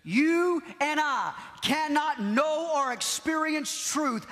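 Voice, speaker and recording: High bright preacher guy, slow and fiery, big church echo. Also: animated. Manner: impassioned, shouting at peaks, repeating key phrases. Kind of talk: Pentecostal sermon. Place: large church hall. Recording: long hall reverb.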